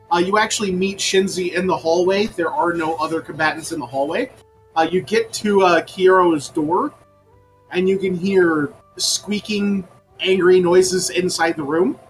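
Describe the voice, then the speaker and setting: A man narrating as game master of a tabletop game, pausing often with ums and uhs. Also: high voice, poor audio. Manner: halting, with many ums and uhs.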